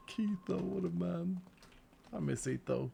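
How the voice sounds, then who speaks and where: A Swedish man with a Swedish accent chats casually on a gaming stream, playful and rambling, wandering into joking tangents. His voice is high, creaky and sharp-toned, with slight background noise.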